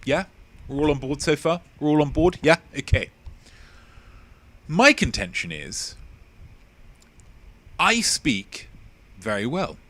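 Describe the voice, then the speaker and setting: A man hosts a live-streamed quiz, reading questions and bantering with his viewers. He plays it mock-pompous and teasing, his pitch leaping up and down with lively swings. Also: takes it slowly, long pauses. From England. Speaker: quiz host.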